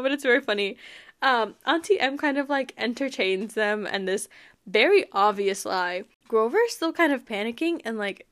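Giggly, chatty woman host. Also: fairly high pitch. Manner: giggly, chatty, animated, laughs often. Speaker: podcast host. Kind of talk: casual book and TV recap.

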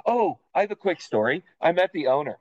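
A man's voice: fairly high pitch, animated, brisk, muffled recording. A man co-hosting a podcast, chatting casually and telling rambling, joking stories. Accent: Boston. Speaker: podcast co-host. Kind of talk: casual chat.

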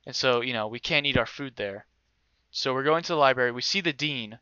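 A young man casually telling a story, animated and swearing freely, acting out other people's voices. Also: mid-range voice, a little fast, clean tone, no echo, highs cut off.

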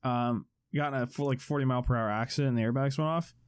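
Podcast cohost, mid pitch, wry jokes, dead dry mic. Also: male voice, steady tone, very fast, clear, resonant tone, no room sound. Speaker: podcast co-host. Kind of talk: casual chat.

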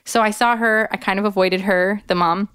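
Smooth-voiced woman telling a story animatedly. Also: normal speed, no echo, clean studio sound. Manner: animated, acts out quoted voices with big jumps in pitch; frequent "like" fillers, earnest and expressive. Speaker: podcast guest, author. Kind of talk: candid storytelling in a conversation.

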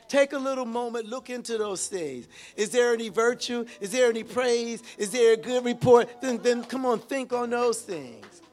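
An older man in his sixties preaching a sermon, exclaiming and calling out to his congregation with sudden shouts. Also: very high voice, moderate pace, few pauses. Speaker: pastor.

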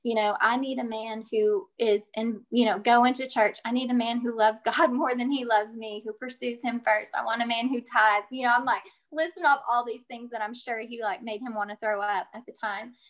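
A woman's voice: on the high side, fairly even intonation, moderate pace, few pauses. A middle-aged woman telling a personal story as an interview guest, chatty and earnest, with many fillers. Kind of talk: casual storytelling.

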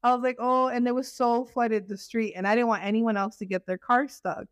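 A young woman guest in a casual chat with her best friend, telling stories in a relaxed, giggly way. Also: fairly high pitch, a little fast, no echo, clean studio sound.

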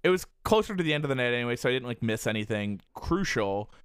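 A man's voice: mid-range voice, fast, smooth, dry recording, studio quality. A man telling a long story in casual chat, swearing often and filling with "like". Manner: animated, profane, heavy use of "like".

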